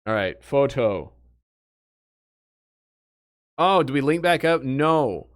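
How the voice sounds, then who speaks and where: A young man streaming, chatting casually with his viewers and telling animated stories from a trip. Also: medium pitch, takes it slowly. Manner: animated storytelling, talks to chat.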